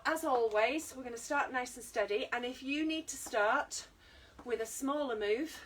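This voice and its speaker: A woman's voice: on the high side, fairly bright tone, recorded from a distance, slight background noise. A British woman teaching an online exercise class, chatty and encouraging, joking at her own expense. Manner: chatty, encouraging, self-deprecating. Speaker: fitness instructor.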